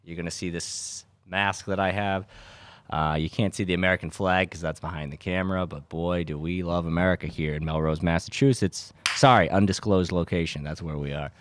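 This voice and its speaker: A young man, a podcast host rambling in a sarcastic deadpan way with lots of filler words. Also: low-pitched, fairly quick. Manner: dry sarcastic delivery with frequent filler words. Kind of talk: rambling deadpan comedic monologue.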